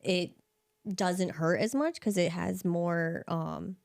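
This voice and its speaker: A woman's voice: lowish voice, slow, a little mellow. A young woman in her twenties, chatting casually as a podcast guest, rambling and giggly with lots of likes. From United States, Filipino family. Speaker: podcast guest, bodywork practitioner. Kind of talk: casual chat.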